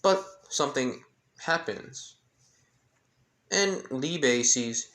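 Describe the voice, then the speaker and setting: A man casually retelling a fan-made story, rambling and halting, stumbling over names as he goes. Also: mid-range voice, a bit bright.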